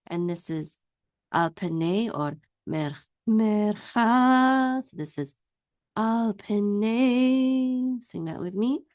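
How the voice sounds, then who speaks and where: Slow, patient woman teaching Hebrew reading. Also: low voice, darkish tone, no room sound, clean studio sound. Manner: patient, sings out each word slowly for repetition. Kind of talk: one-on-one reading lesson.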